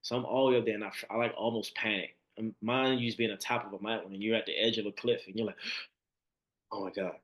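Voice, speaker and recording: Male podcast guest, lowish voice, animated storyteller who acts out the quoted lines. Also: quick pace, few pauses. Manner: animated storyteller who acts out quotes, swinging between hushed and high excited tones. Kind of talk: storytelling in a conversational interview.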